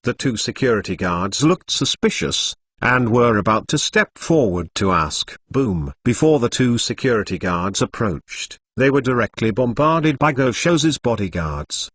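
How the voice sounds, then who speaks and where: A man's voice: medium pitch, big pitch swings, unhurried, hardly any pauses, fairly bright tone, no room sound. A man narrating a novel in a mechanical way, reading punctuation marks aloud. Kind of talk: scripted narration.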